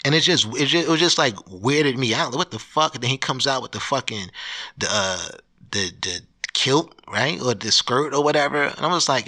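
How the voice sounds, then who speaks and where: A man speaks at a normal pace in a medium-pitched, sharp voice with lively intonation. On his own podcast, he delivers a rambling, profane solo rant full of restarts.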